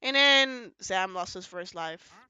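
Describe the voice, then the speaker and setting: Bright, crisp podcast host rambling through a recap. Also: mid-range voice, expressive, slow pace, no room sound, dull audio. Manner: rambling, filler-heavy storytelling that jumps between points; acts out quoted lines in shifting voices. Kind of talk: casual podcast recap of a roleplay event.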